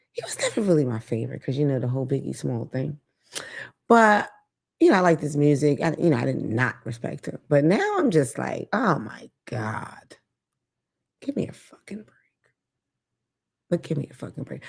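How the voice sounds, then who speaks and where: A woman's voice: sits low, creaky. A woman hosting her own talk show, ranting casually with blunt, profane commentary. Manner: blunt, profane, animated rants. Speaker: podcast host.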